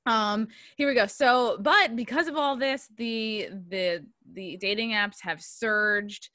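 A woman's voice: on the high side, slow pace, bright, forceful tone, no echo, clean studio sound. A woman hosting a comedy podcast, joking crudely and reading out news items with sarcastic asides. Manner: brash, profane, reads out articles and jokes. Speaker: podcast host. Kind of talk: casual comedic banter.

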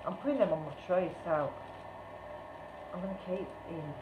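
A woman's voice: fairly low pitch, normal speed. Woman, gushing casual chat, echoey room, background noise. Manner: gushing, exclaims often. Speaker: craft channel host. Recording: tinny, echoey, noisy room sound.

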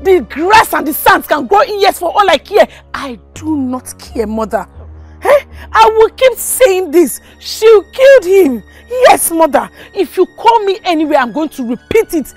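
Defiant young Nigerian woman, high, emphatic, music behind. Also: big pitch swings, moderate pace. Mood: insistent. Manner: insistent, repeating herself. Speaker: grieving young woman accusing a rival.

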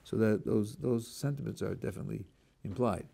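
A man's voice: fairly quick, gravelly, husky. An older man, a rabbi, giving a Torah lecture and acting out the speakers in his examples, sprinkled with Hebrew religious terms. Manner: animated, acts out a speaker's voice, rising and dropping pitch. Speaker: rabbi teaching a class.

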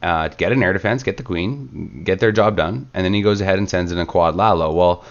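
A man hosting a gaming channel, relaxed and chatty in casual play-by-play commentary, sick and stuffed up. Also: deep voice, brisk, lo-fi sound. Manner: relaxed, chatty, lots of filler words.

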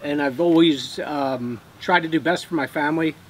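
A man's voice: fairly high pitch, moderate pace, slight background noise. A middle-aged man hosting a home video, chatting and joking with his wife as he reads fan mail aloud, with plenty of fillers. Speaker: host reading fan mail. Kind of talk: casual chat.

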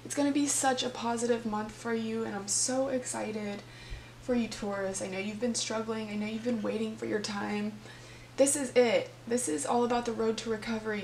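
A woman's voice: a little high, steady tone, normal speed, gravelly, a little mellow. A woman reading tarot cards for her viewers, talking to them directly in a heartfelt, earnest way. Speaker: tarot reader. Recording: echoey room with faint hum.

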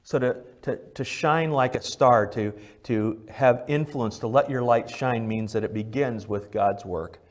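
During a church service, a male pastor delivers a sermon at a measured pace with few pauses. He shifts between loud, emphatic lines and quiet, low ones, and asks the congregation direct questions.

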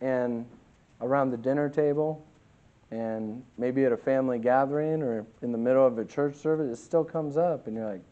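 A man preaching a sermon as pastor. He preaches emphatically, swinging from loud to quiet, and reads scripture slowly. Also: mid-range voice, highs cut off.

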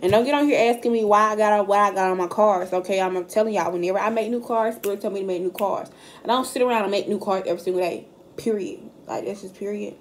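A tarot card reader gives a casual reading straight to camera, addressing her viewers directly in a blunt, profane way. Her mid-range voice moves at a quick pace, recorded on a camera mic with a little hiss or hum.

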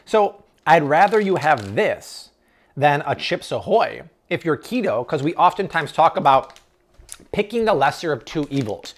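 Upbeat guy gushing over grocery finds, voice bouncing all over, kinda high. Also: a little slow. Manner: excitable, exclaiming, tasting on camera. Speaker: food vlogger. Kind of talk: enthusiastic grocery haul review.

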